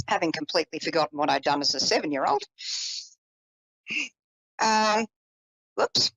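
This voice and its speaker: Animated woman telling a personal story. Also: low-pitched, moderate pace, creaky, pauses often, dry recording, low-quality recording. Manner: animated, chatty, self-deprecating asides. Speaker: psychic. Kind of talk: personal storytelling on a live call-in show.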